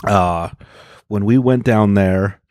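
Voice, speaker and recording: A male comedian telling stories in a casual podcast chat, blunt and animated, often acting out other people's voices. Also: lowish voice, takes it slowly, no echo, studio quality.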